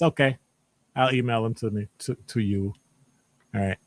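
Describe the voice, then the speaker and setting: Animated Midwestern man hosting a live session. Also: medium pitch, normal speed, no room sound. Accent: Midwestern American. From American Midwest. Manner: animated, jokey, teasing the audience. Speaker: presenter reading audience answers. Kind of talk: live-streamed lecture with chat.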